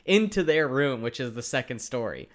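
A man's voice: medium pitch, lively intonation, normal speed. A young man co-hosting a podcast, casually recapping a TV episode and laughing often. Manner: laughs often, loose and chatty. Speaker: podcast co-host.

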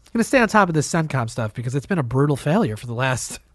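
A man's voice: medium pitch, big pitch swings, rapid-fire, no room sound, clean studio sound. A man co-hosting a podcast, chatting casually and bluntly about politics, swearing and laughing often. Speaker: podcast co-host.

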